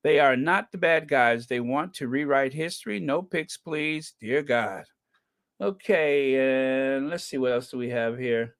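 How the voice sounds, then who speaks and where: A man's voice: medium pitch, measured pace, a bit bright, no echo, clean studio sound. A man hosting a podcast, chatting casually and reading out viewer comments, with frequent ums and uhs and repeated phrases for emphasis. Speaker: podcast host.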